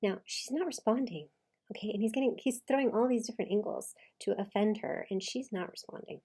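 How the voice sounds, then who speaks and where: A woman commenting casually on a video she is reacting to, repeating lines back and picking them apart with lively emphasis. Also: on the high side, brisk, slightly rough.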